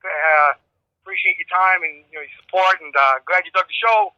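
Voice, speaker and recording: A man's voice: high voice, fairly quick, bright, forceful tone, no room sound, muffled recording. A man, a rock guitarist guest in a casual phone interview, rambling and swearing as he tells stories and laughs often.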